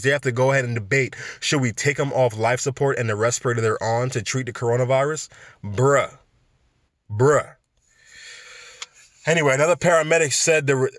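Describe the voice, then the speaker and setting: A man's voice: medium pitch, fairly bright tone, no echo, studio quality. A man hosting a podcast, ranting through the news in a casual, slangy way full of rambling asides. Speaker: podcast host. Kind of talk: casual news commentary rant.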